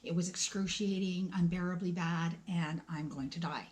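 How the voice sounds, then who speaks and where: A woman's voice: lowish voice, fairly even intonation, normal speed, a little mellow. Woman in her forties telling a personal story. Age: 40s. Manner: conversational, emotional, acts out dialogue, drops to whispers. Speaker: vlogger.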